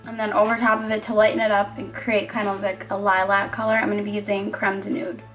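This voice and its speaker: A woman's voice: medium pitch, little pitch movement, fast. A young woman narrating a makeup tutorial in a chatty, upbeat voice-over. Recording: voice-over with soft background music.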